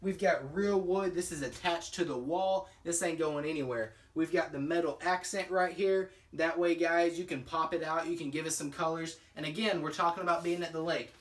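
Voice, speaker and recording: A home tour presenter with a voice on the high side walks viewers through a small manufactured cottage, talking at normal speed with fairly even intonation and hardly any pauses. His pitch is upbeat and salesy, full of "guys," and the low-quality audio echoes around the room.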